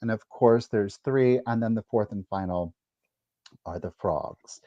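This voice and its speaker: A man's voice: fairly low pitch, unhurried, dry recording. Man detailing vintage cards, dull dry sound. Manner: careful, detailed item descriptions. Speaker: live sale host. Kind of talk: livestream sales pitch.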